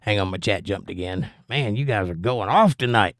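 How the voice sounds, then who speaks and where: A man's voice: on the low side, expressive, normal speed, no echo, clean studio sound. A man hosting a casual livestream, reading viewers' chat comments aloud and arguing back at them.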